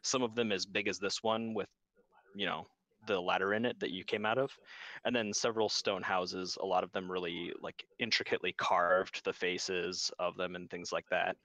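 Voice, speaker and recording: Low-voiced man narrating a tabletop game. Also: level tone, normal speed, bright, forceful tone, low-quality recording. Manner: loose, filler-heavy description. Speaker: game master.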